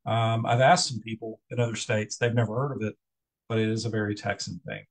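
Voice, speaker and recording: A man's voice: on the low side, level tone, brisk, vocal fry, poor audio. A middle-aged man presenting a business etiquette workshop in a casual, conversational lecture style with frequent ums.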